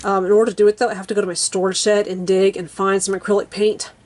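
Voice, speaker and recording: A young woman vlogging from her basement bedroom in a rambling, frank, casual chat, full of fillers and soft laughs. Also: mid-range voice, level tone, fast talker. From American Midwest or South region. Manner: frank and chatty, laughs softly between thoughts.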